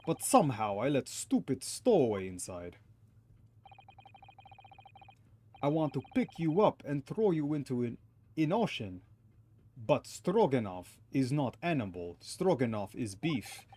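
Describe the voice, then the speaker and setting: A gruff, burly ship's sailor with a thick mock Russian accent, as a man reads him aloud from a video game. He talks in broken, blunt English with a self-important swagger, and his pitch swings widely. Faint noise sits behind him. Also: sing-song, moderate pace, hardly any pauses, darkish tone, close to an everyday voice. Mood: pompous. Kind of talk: reading game dialogue aloud.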